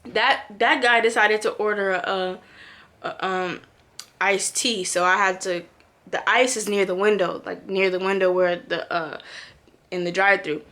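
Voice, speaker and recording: Young woman, casual storytelling vlog, lively, bright voice. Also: unhurried. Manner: animated, acts out quotes with big pitch jumps. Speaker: vlogger.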